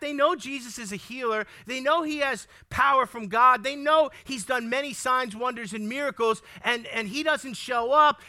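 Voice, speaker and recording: A man's voice: very high-pitched, sharp tone. A man preaching a sermon, speaking emphatically, firing questions at the congregation, repeating key lines and stumbling over words when worked up.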